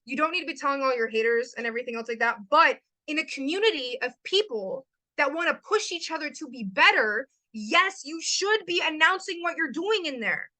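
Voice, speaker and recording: A woman's voice: high-pitched, animated, fairly quick, pushed and bright, dry recording, poor audio. A young woman hosting a motivational talk to a live chat, emphatic and given to repeating lines for stress. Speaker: host.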